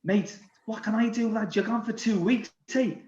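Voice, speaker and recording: An exasperated football manager, as a storyteller puts him on, throws up his hands in a high, strained voice. He is blunt and fed up. The recording is roomy and slightly dull. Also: moderate pace, a little mellow, distant mic, lightly acted.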